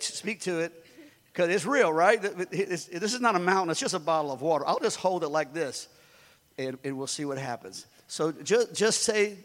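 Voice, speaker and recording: A male pastor preaching a conversational sermon with joking asides in a church. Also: a little high. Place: church sanctuary. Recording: long reverb of a large hall.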